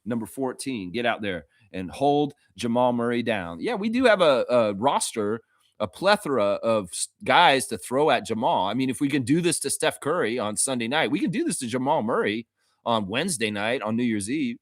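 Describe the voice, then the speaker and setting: A man hosting a casual live-stream sports show for fans, reading chat comments aloud, animated and profane, laughing often. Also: medium pitch, normal speed, no room sound, clean studio sound. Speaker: fan show host.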